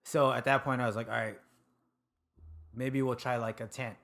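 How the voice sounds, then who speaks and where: Chill dude from sacramento, hawaii twang, just chatting loose, cusses a bit. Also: male voice, mid-range voice, flat delivery, normal speed, vocal fry, fairly bright tone. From Sacramento, California. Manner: laid-back, laughs often, swears casually. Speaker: podcast guest, food truck owner. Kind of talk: casual chat.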